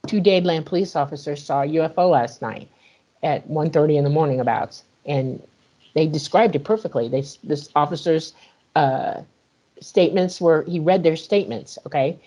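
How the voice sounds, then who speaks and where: A woman guest in an interview, retelling a personal experience in an animated way and acting out the dialogue. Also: low-pitched, normal speed. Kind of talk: emotional personal storytelling.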